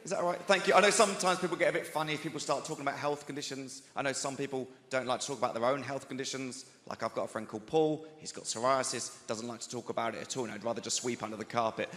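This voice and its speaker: A man's voice: medium pitch, racing, hardly any pauses. A young man doing a stand-up routine, chatty and self-deprecating, laughing between jokes. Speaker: stand-up comedian. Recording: live theatre, echoey hall, loud crowd.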